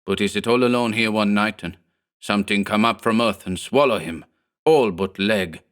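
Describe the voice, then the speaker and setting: A man's voice: on the low side, moderate pace, a bit bright, clear, resonant tone, lightly acted. A man voicing a burly, superstitious immigrant thug who speaks broken English, in a horror audiobook. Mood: hushed fearful. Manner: broken English, whining and pleading. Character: burly hog-necked male immigrant thug, superstitious, fearful.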